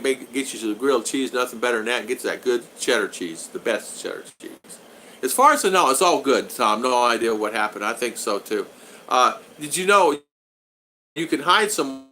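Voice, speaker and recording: A man's voice: medium pitch, sharp tone, a little hiss or hum, poor audio. Chatty rambling man on a home live stream. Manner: rambling, chatty, greets viewers by name. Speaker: vlogger hosting a live stream. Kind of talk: casual live-stream chat reading comments. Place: home in the Philippines.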